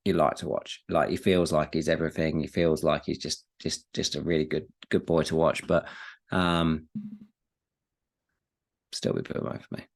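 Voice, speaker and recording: This is a man with a very deep, gravelly voice who co-hosts a casual football podcast. He rambles and repeats his words, and drops the odd swear word in easy chat. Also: little pitch movement, normal speed. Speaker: podcast co-host.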